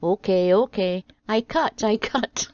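A woman's voice: mid-range voice, slow, darkish tone, dry recording, natural voice. A woman voicing a wealthy king who answers in short, repeated phrases, in a dry, dull recording. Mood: agreeable. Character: wealthy older male king, terse and agreeable.

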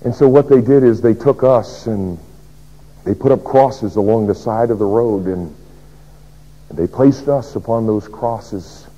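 A man preaching a dramatic first-person sermon as a pastor, swinging between loud declaration and hushed whisper. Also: lowish voice, measured pace. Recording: dull lo-fi sermon recording.

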